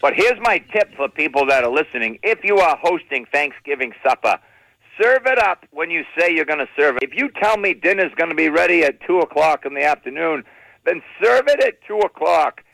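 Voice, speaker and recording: Animated New stand-up comic. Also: male voice, fairly high pitch, fairly quick, creaky, no room sound, low-quality recording. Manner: animated, exasperated storytelling. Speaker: comedian. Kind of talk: stand-up comedy.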